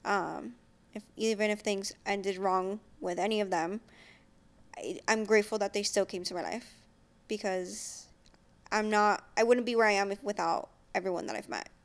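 A young woman co-hosting a casual chat, speaking softly and hesitantly with frequent ums. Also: medium pitch, fairly even intonation, normal speed. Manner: soft-spoken, hesitant, with many ums. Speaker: co-host.

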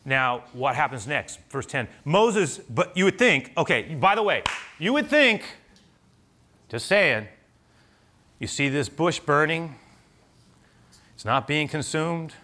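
A pastor giving a sermon in a church, conversational, full of asides and rhetorical questions. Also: male voice, on the high side, sing-song, takes it slowly, long pauses, bright, forceful tone.

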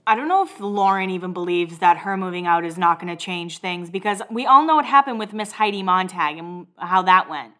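A woman's voice: on the low side, animated, brisk, hardly any pauses, fairly bright tone. A woman hosts a casual recap podcast, walking through reality show scenes. Her talk is chatty and gossipy. She drops in blunt asides and curses freely. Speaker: podcast host.

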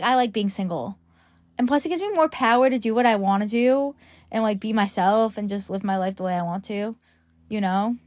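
A teenage girl hosting a podcast rambles on in a relaxed way, saying "like" again and again. She's from Long Island, New York, and her mid-range voice comes through with no echo.

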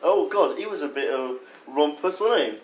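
A man's voice: fairly high pitch, expressive, moderate pace, slight background noise, poor audio. A man co-hosting a comedy podcast, playful and teasing, running the gags. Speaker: podcast co-host. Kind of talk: casual comedy chat.

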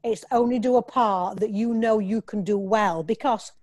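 A woman's voice: medium pitch, moderate pace. A woman actress talking in a casual interview, rambling and restarting as she tells stories. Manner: rambling, restarts often, animated storytelling.

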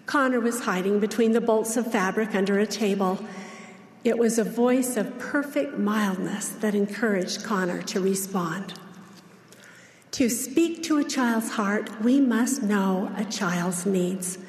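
A woman delivering a sermon as a church speaker, in a measured, gentle way. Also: mid-range voice. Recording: echoey large hall.

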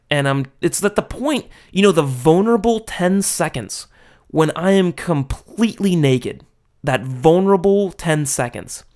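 A man's voice: a little high, clear, resonant tone. An American man in his thirties, casually telling rambling, self-deprecating funny stories as a podcast host, often laughing. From United States. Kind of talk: casual storytelling.

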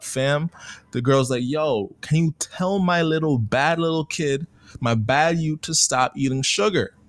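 A young man hosts his podcast in a loose, comic monologue, full of slang and playful asides. His voice sits at an ordinary pitch and is recorded dry, with no room sound around it. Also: no echo. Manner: slangy, joking, animated storytelling. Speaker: podcast host. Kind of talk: casual comedic monologue.

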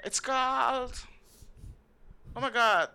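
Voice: mid-range voice, slow pace, gravelly, sharp tone, a little hiss or hum. A speaker in a casual chat among friends, teasing and joking.

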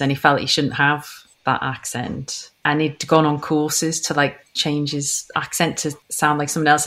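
A woman's voice: low voice, fairly bright tone. A woman speaking as a podcast guest, earnest and thoughtful, with small hesitations as she talks. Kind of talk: conversational interview.

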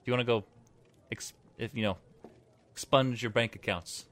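A man co-hosting a podcast, chatting casually and excitedly, joking and laughing often. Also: medium pitch, moderate pace. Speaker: podcast co-host. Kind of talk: casual chat.

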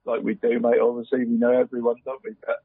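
A man's voice: mid-range voice, monotone, fast talker, breathy edge. Rambling man on a phone line. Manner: rambling, fills almost every phrase with "mate". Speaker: podcast co-host. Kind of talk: casual chat. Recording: tinny dry phone line.

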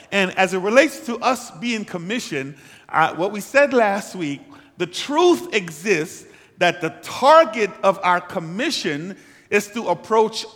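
A high-pitched male pastor delivers a sermon in a church sanctuary, repeatedly calling the congregation to answer back. His voice climbs louder and higher when he presses a point, and a long hall reverb trails every phrase. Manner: preaching with call-and-response to the congregation; rises in pitch and volume when urging the room.

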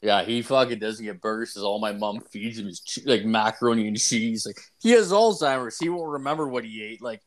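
A man's voice: lowish voice, fairly quick, hardly any pauses, a little hiss or hum. A man co-hosting a podcast, telling rambling anecdotes full of swearing in casual chat. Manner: profane rambling storytelling. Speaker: podcast co-host.

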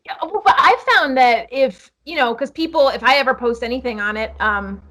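A woman's voice: high voice, a little fast, pushed and bright. A woman guest in a casual chat, talking earnestly and rambling along with many fillers. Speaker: podcast guest, hunter.

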